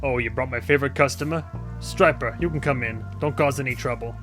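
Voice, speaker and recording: A man voicing a curt male nightclub bouncer, flat and blunt. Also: mid-range voice, fairly quick, over music, natural voice. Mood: brusque.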